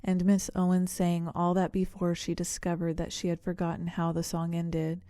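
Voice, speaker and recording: Female audiobook narrator, measured storytelling, dark mellow tone. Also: lowish voice, completely flat delivery, no echo, clean studio sound. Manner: measured storytelling with voiced characters. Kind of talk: scripted narration.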